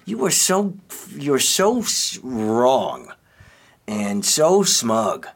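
Flustered accused dude, slow stammery talk, keeps restarting, gets indignant. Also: male voice, medium pitch, huge pitch swings, background noise, heavily acted. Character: flustered, indignant middle-aged man being accused. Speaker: interviewee. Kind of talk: comedic audio drama acting.

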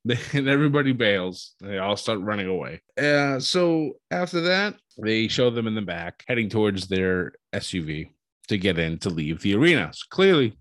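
Hosting a casual wrestling show recap, a man tells it like an animated story, chuckling often and acting out what people said. His voice is lowish at a normal speed, and the recording is dry.

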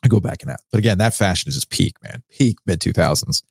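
A man co-hosting a sports podcast in casual chat, teasing and animated. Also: fast, gravelly, breathy edge, dry recording, studio quality. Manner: animated, teasing, jumps into high mock shouts. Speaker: podcast co-host.

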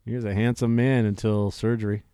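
A man co-hosting a movie podcast, rambling casually, laughing and swearing, often trailing off quietly. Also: lowish voice, little pitch movement, fairly quick, smooth, no echo, clean studio sound. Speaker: podcast co-host. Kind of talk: casual chat.

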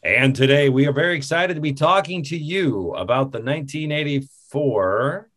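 An upbeat man hosts a casual movie podcast, his pitch swinging lively from line to line. He sounds relaxed and quick to laugh with his co-host.

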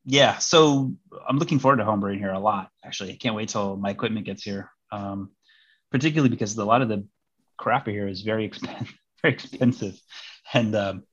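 Laid-back guy with a lowish voice, rambling, lots of ums, dull dry call sound. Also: a little fast, slightly rough, no room sound. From Missouri, United States. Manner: relaxed, rambling, many fillers and restarts. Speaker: guest, diplomat and homebrewer. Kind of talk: casual conversational interview.

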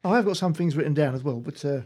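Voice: medium pitch, fast, a little mellow, husky. A podcast co-host chatting casually, distracted while hunting for notes and looking things up. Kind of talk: casual chat.

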